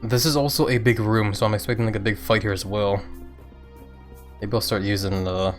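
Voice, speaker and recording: A fairly low-voiced man streams a game and keeps up loose, chatty commentary, thinking out loud and laughing now and then. He has the hiccups. Faint game music plays underneath. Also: fairly even intonation, brisk. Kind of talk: casual gameplay commentary.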